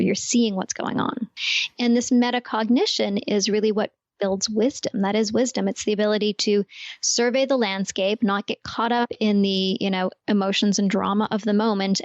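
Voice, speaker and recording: A woman, a neuroscientist guest on a podcast, explaining things clearly with everyday comparisons. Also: mid-range voice, no echo, lo-fi sound.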